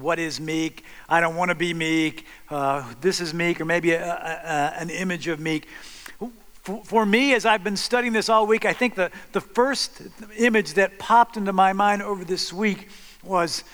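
A man's voice: high voice, fairly bright tone. A man preaching a sermon to a congregation, telling a story with frequent restarts. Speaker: pastor. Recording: long hall reverb.

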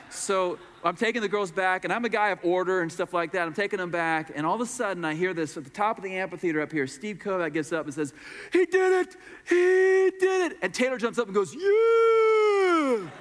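A man's voice: high voice, fairly bright tone. A middle-aged man pastor telling a story in a sermon, acting out the voices of the people in it. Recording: long hall reverb.

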